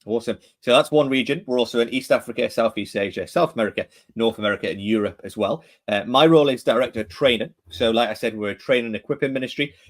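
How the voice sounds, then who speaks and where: A man's voice: medium pitch, quick pace, hardly any pauses. A man with a Geordie accent from northeast England, co-hosting a podcast in casual chat, chatty and full of questions. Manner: chatty, asks many questions, friendly teasing. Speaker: podcast co-host, director of training. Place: home room in England.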